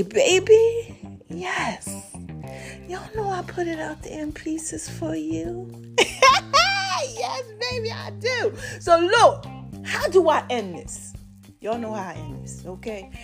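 A woman with a high, bright-pitched voice that leaps up and down as she talks. She hosts her own podcast, giving casual, blunt relationship advice straight to her listeners. She repeats her points in a preachy, slangy style, with faint music playing underneath.

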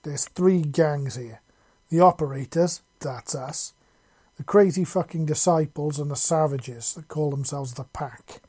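A man voicing a skinny, scraggly male raider who talks fast and yelps in panic. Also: slightly rough. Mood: nervous. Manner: fast, nervous, high-pitched yelling.

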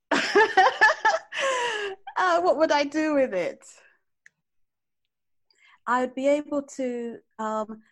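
A woman, speaking as a podcast guest. Her voice is high and she takes her time, pausing and thinking before she answers. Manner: slow, thoughtful, hesitant, laughs easily.

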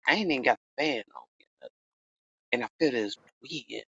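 A man hosting a casual podcast, telling a story with lots of swearing and sudden loud exclamations. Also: mid-range voice, animated, moderate pace, gravelly, breathy edge, no echo, highs cut off. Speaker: podcast host.

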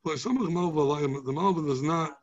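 A man with a somewhat high, husky voice, teaching a Talmud class. He explains step by step with everyday examples and rhetorical questions. The recording sounds dull and lo-fi. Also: fairly quick.

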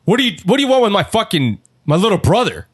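A man's voice: high-pitched, very animated, quick pace, slightly rough, full character voice. A man voicing an angry, foul-mouthed older brother who curses aggressively, in an improvised comedy sketch. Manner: cursing, aggressive.

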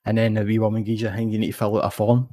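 A man's voice: lowish voice, little pitch movement, rapid-fire, dark tone. A young Scottish man chatting on a podcast, telling a long rambling story with plenty of swearing. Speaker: podcast co-host. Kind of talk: casual chat.

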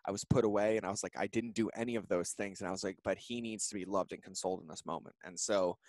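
A man in his thirties, a podcast guest, telling an emotional personal story in an earnest, heartfelt way with fast run-on phrasing. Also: low voice, fairly even intonation, darkish tone, no room sound. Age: 30s.

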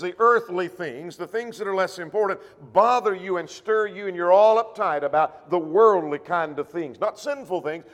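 A man preaching a sermon in a church, measured and slowing down when he quotes scripture. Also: sits high. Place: church auditorium. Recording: long echo of a church hall.

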